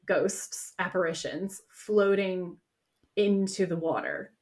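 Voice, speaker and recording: A woman's voice: fairly low pitch, slow pace, a little mellow. A woman co-hosting a podcast, chatting in an enthusiastic, gushing way. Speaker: podcast co-host. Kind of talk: casual chat.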